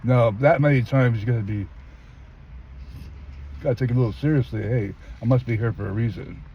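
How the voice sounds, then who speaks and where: Older man telling his life story emphatically. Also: fairly quick. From California. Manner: emphatic storyteller who acts out quoted voices, often jumping high. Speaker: interviewee. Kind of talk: personal testimony in a street interview. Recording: dull lo-fi sound with faint traffic.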